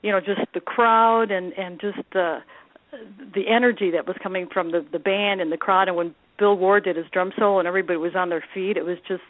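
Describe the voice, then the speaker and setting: A woman's voice: lowish voice, fairly even intonation, fairly quick, no room sound. Woman from Detroit, interview guest, chatty and laughing, thin phone-line sound, dry. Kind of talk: casual interview chat.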